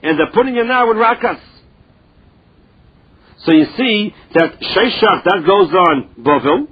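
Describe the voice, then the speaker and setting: Male Talmud teacher, reads then translates phrase by phrase, high husky voice, muffled lo-fi recording. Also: lively intonation, a little slow. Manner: reads a phrase then explains it in plain words. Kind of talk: Talmud lesson, reading and translating. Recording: dull lo-fi recording.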